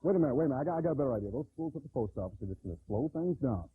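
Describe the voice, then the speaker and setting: A man playing a sleazy con-man doctor selling pamphlets in a comedy infomercial, with an oily sales pitch. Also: expressive, very fast, husky. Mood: salesy. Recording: lo-fi broadcast audio, faint hiss.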